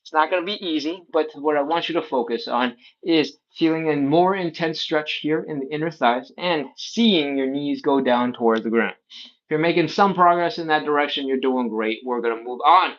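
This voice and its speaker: A man leading a live stretching workout, counting reps and breaths in a calm coaching manner. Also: a little high, normal speed, dull audio. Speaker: stretching instructor. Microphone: livestream setup.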